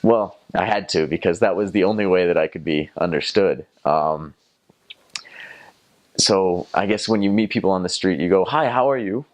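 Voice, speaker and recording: Young man, Southern American accent, low voice, chatty storytelling, playful with accents. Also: normal speed, darkish tone. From North Carolina, USA. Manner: chatty, often slips into playful imitations of accents. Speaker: returned missionary. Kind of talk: casual storytelling.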